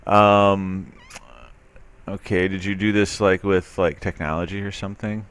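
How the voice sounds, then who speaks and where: A man with a low, clear, resonant voice, a bit bright, speaks a little slowly and keeps his tone level. As a commentary video host, he reads a news article aloud and responds with skeptical sarcasm in loose talk marked by frequent fillers and restarts.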